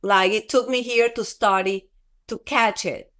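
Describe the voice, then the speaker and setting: A woman guest telling a personal testimony in an interview, halting and repeating herself, acting out quoted dialogue as she goes. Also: mid-range voice. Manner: halting, repeats words, restarts often; animated retelling with quoted dialogue.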